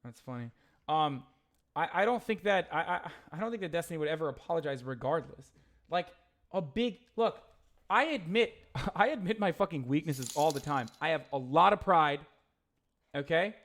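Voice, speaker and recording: Heated high-voiced young man streaming. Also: expressive, moderate pace, fairly bright tone. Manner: heated, profane, rambling with restarts. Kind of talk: livestream reading chat and commenting.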